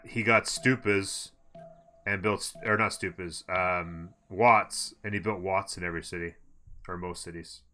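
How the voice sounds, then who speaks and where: Male esports caster, deep and bright, casual rambling play-by-play. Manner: casual, rambling, thinks aloud with fillers. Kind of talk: live game commentary.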